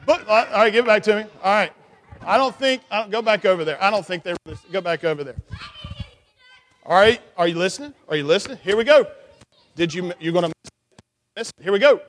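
A man leading a children's church session, playful and animated, teasing the kids with questions and cheering a young helper. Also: sits high, brisk, long reverb tail. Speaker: children's pastor.

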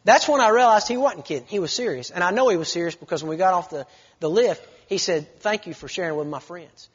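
A folksy, animated man in his forties preaches and spins a story from the pulpit. His voice sits high and a little husky. The sound is dull and lo-fi, with a long reverb trailing behind him. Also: fast talker. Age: 40s. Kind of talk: sermon with storytelling. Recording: lo-fi recording with long hall reverb.

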